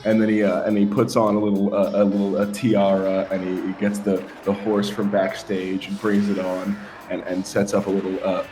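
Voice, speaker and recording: A man narrates his move in a tabletop role-playing game. He pauses and hesitates often. His voice is low. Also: monotone, dark tone, faint music behind. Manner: hesitant, filler-heavy. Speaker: player.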